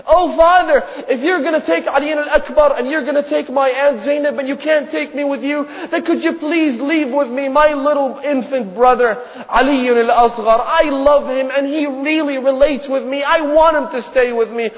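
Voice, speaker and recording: Tearful little girl pleading not to be left behind, voiced by a man, high and strained, with a muffled hall sound. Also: fairly even intonation, normal speed, a little mellow, natural voice. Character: sick five-year-old girl, pleading, clinging to her father. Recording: muffled recording in a reverberant hall.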